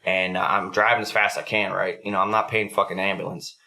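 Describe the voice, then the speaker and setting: A man's voice: deep voice, little pitch movement, fast, creaky, bright, forceful tone. A young adult man hosting a podcast, telling a story in a casual, profanity-heavy way. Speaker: podcast host.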